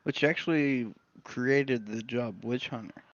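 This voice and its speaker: A man's voice: mid-range voice, unhurried, no echo. A man hosting a podcast, retelling history as casual storytelling with joking asides, recorded with dull, dry lo-fi sound. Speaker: podcast host.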